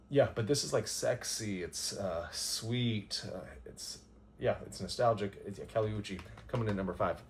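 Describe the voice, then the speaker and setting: A man's voice: on the low side, slight background noise. A man counting down his favorite albums in a casual vlog, rambling and gushing with lots of fillers and chuckles. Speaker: music vlogger.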